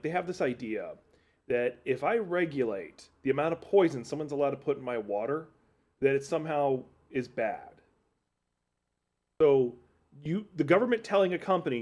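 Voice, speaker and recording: A man's voice: mid-range voice, darkish tone. A man streaming from his desk, chatting casually in a rambling, self-deprecating way with jokey asides. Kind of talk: casual livestream chat. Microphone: desk mic at computer setup.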